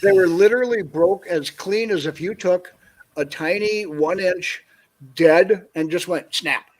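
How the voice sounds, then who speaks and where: A man from northern Minnesota, a guest, telling an animated story on a video call and acting out what people said. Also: high-pitched, unhurried. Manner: animated anecdote, acts out quoted dialogue. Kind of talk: casual storytelling on a call-in show.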